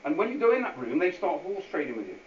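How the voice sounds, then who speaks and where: A man's voice: sits high, sing-song, fast talker. A man giving an informal, unscripted talk to a public meeting as a guest speaker. He rambles, repeats himself and adds many asides. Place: meeting hall with an audience. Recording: echoey, distant, dull hall recording with faint hiss.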